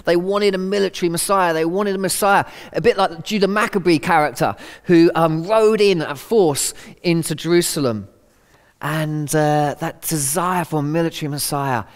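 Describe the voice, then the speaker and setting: A man's voice: a little high, normal speed, in a large hall. A middle-aged man giving a conversational, earnest sermon talk, acting out quotes as he goes. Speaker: Christian speaker.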